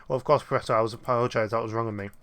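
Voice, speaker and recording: A man's voice: mid-range voice, steady tone, very fast, fairly bright tone, close to an everyday voice. A man reading the lines of a formal, servile old butler in a puzzle game. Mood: deferential. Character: deferential old male butler.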